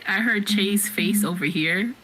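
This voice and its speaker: A woman's voice: medium pitch, measured pace, heavy background noise. A woman co-hosting a podcast, joining in with a playful, teasing way of talking. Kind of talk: casual podcast chat.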